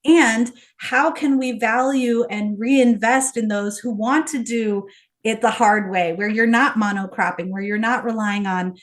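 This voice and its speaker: A woman's voice: on the high side, measured pace. A woman, a podcast guest, speaking with passionate frustration about the causes she cares about. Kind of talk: casual conversation.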